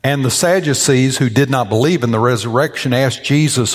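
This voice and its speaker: An older male pastor delivers a sermon to his congregation in a church. His telling is homespun and humorous, full of little asides and jokes. When he quotes people, he slips into high, playful voices before settling back into an easy, mid-pitched delivery. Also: a little fast. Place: church sanctuary.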